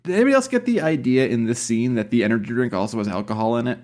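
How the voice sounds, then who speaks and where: A man co-hosting a podcast, chiming in with quick wry remarks about a TV show. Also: mid-range voice, animated, a little mellow. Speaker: podcast co-host. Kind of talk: casual chat.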